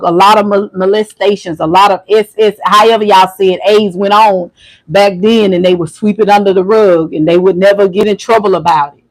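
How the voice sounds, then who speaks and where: Livestream host, male, high voice, soft and halting, repeats himself. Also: rough recording. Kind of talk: emotional livestream monologue.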